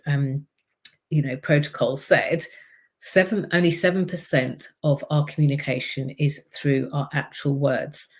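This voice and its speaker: Low-voiced woman coaching on a live stream. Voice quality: low, deep voice. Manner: chatty and explanatory, demonstrates voice tones. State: slight frog in the throat. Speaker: visibility and speaking coach. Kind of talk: casual live-stream talk to camera.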